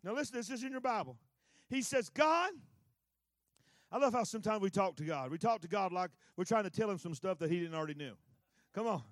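A male pastor preaching a fervent sermon in a folksy way, swinging between shouted peaks and hushed asides. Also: sits high, animated, fast, no room sound, clean studio sound. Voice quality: colloquial, folksy.

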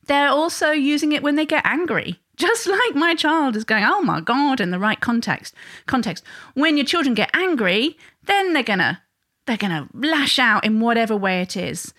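Chatty woman with a higher voice. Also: expressive, moderate pace. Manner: warm conversational, rhetorical tag questions. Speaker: parenting educator. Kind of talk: talking to camera about parenting.

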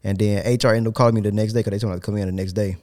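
A man hosting a casual podcast, telling an animated, profane story with laughter. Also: on the low side, very fast. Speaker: podcast host.

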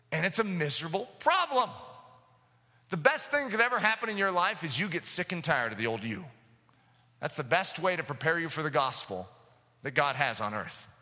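A man preaching a sermon, impassioned, with sudden loud outbursts, recorded in an echoey hall. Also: high voice.

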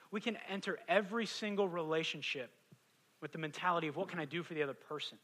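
Male pastor, 30s, bright, slightly high voice, animated sermon delivery, loud questions and hushed asides. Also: low-quality recording. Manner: animated, swings from loud emphatic questions to hushed quiet lines.

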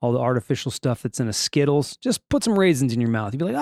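A man's voice: mid-range voice, big pitch swings, fast talker, creaky, a little mellow, dry recording, studio quality. A man hosting a casual solo podcast, reading out daily trivia and news with jokey, rambling asides and frequent restarts. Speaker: podcast host.

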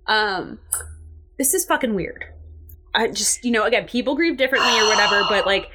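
A woman's voice: medium pitch, expressive, a little fast, heavy background noise. A woman co-hosting a podcast in casual chat, talking in a rambling, blunt way with lots of fillers and swearing. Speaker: podcast co-host.

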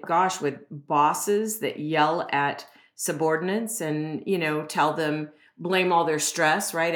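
A woman guest speaking as an expert on a podcast, explaining earnestly and often checking in with "right?" and "you know". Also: low voice. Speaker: guest expert on self-esteem. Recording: roomy echo.

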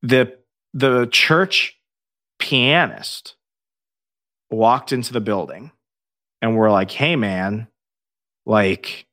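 A man's voice: mid-range voice, very slow, pauses often. A man telling a ghost-hunting story in casual podcast chat, swearing freely and acting out what everyone said. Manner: profane, animated storyteller acting out dialogue. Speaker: podcast guest, paranormal investigator.

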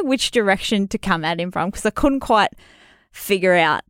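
A woman co-hosting a podcast, telling an animated, self-deprecating story and laughing often. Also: fairly low pitch, normal speed, clear, resonant tone, dry recording, studio quality. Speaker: podcast co-host. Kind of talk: casual storytelling chat.

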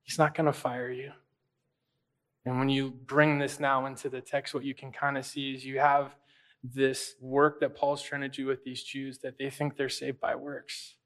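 A young adult man preaches in a loose, chatty style, sharing stories with his congregation. His talk is full of "like" and "right?", and it feels informal rather than polished. His voice sits in a medium pitch range. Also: fairly bright tone. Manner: conversational, full of fillers like "like" and "right?". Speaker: pastor. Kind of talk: casual storytelling sermon.

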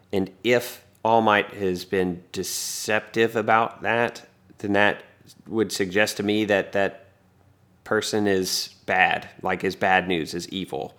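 Low-voiced man musing thoughtfully. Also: a bit bright. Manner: measured, speculative, thinks aloud with hesitations. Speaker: podcast co-host. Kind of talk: casual chat analyzing anime episodes.

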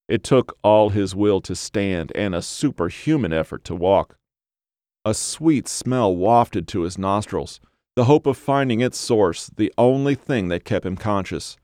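In a slow, theatrical delivery, a man tells a bleak horror tale, his very deep voice slightly mellow. The recording is close-miked and completely dry, without any echo. He weighs and paces every line to build suspense.

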